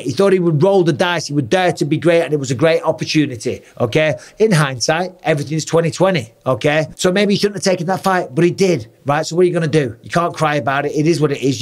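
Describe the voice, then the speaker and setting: A man's voice: on the high side, a little mellow. Emphatic man breaking down a fight. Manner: emphatic, keeps adding "okay?" and "right?". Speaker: host and former fighter. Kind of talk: fight analysis commentary.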